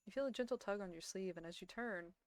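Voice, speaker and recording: A woman's voice: medium pitch, fast, no echo. Woman streamer narrating a horror game. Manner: dramatic narration broken by giggles and reactions. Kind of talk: reading a horror visual novel aloud. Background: game music.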